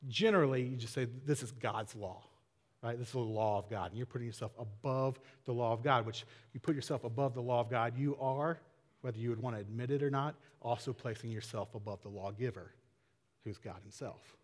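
Conversational preacher in a reverberant hall. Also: male voice, medium pitch, a little fast. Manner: casual, asks rhetorical questions, small laughs. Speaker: pastor. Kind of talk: conversational sermon.

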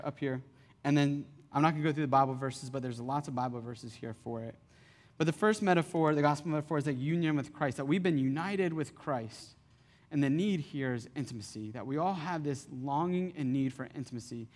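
Man preaching a casual sermon in a reverberant hall. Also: mid-range voice. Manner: conversational, animated storytelling. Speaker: pastor. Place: church hall.

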